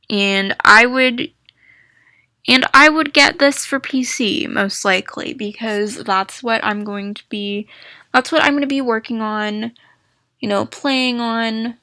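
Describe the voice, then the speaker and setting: A young woman talks to her viewers in an unhurried, rambling way, circling back over her own phrases and breaking into excited exclamations. Her voice is bright and sits a little high, recorded close and dry with no room sound. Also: no room sound. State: hiccups. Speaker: gaming vlogger. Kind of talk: casual chat to viewers.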